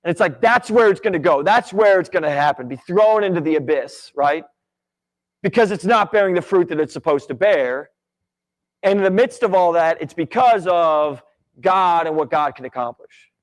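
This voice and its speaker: A man's voice: sits high, animated, moderate pace. A man teaching a Bible class at church in a casual, conversational way, often checking in with "right?". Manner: conversational, many "right?" and "like" asides.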